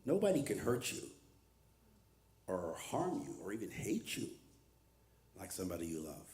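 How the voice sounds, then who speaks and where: A man's voice: sits low, big pitch swings, moderate pace, a little mellow, reverberant. An older male pastor preaching a conversational sermon, mixing humor with teaching and calling out to the congregation. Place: church hall with a live congregation.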